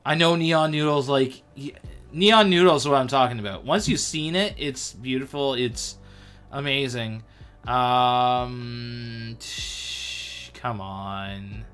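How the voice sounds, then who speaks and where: A man hosts a relaxed livestream and chats away at a mid pitch. He sounds lively and talks straight to his audience, with faint music playing quietly behind him. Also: slow pace, clean tone. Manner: chatty and animated, addressing viewers directly. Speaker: host. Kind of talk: casual livestream chat about comics and scripture.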